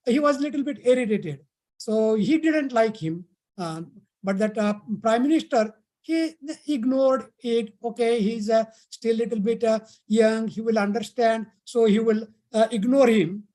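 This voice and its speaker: A storyteller relating an old folk tale to a camp of young listeners. The telling is halting, full of pauses and restarts, at a middling pitch. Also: dark tone. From India.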